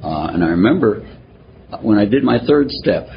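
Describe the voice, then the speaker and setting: An older man telling his personal recovery story at a twelve-step meeting, halting and self-deprecating, with many pauses and fillers. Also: on the low side, animated, gravelly. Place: meeting room. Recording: muffled recording with faint hiss.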